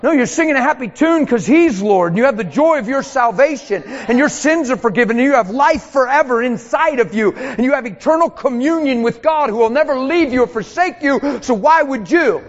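Male preacher, very high voice, fervent sermon, shouts at times, dull lo-fi recording. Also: animated, fairly quick, hardly any pauses.

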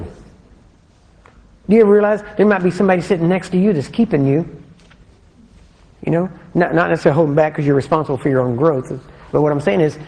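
Preacher with a mellow voice in a reverberant hall. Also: male voice, a little high. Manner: conversational, asks the congregation questions; slows down to read scripture aloud. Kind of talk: sermon.

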